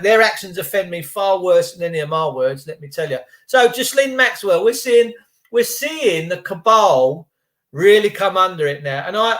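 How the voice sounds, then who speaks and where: High-pitched english guy on a sweary heated rant, keeps restarting. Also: a bit bright. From England. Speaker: tradesman. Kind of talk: casual ranting monologue.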